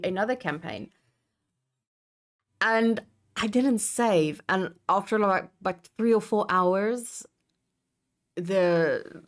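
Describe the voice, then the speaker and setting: A young woman streams live and chats loosely while she works. She reads her chat aloud, swears casually and pokes fun at herself. Her voice is low, unhurried and gravelly. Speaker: livestreamer building a map.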